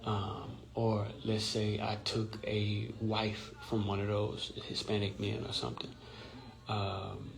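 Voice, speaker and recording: This guy hosts an informal live stream on social media, explaining in a low, gravelly monotone at a slow pace and constantly asking "right?". He's from Louisiana, and his phone or computer mic produces a low-quality recording.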